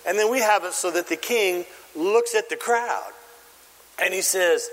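A man preaching a sermon, telling a story in an animated way and asking the audience questions. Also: high voice, moderate pace, in a large hall. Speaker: pastor.

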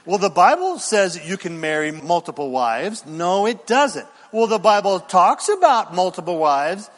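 Animated male preacher in a reverberant hall. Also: high voice. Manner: animated, rhetorical questions, dramatic pauses. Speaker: pastor. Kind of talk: sermon. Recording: long reverb in a large hall.

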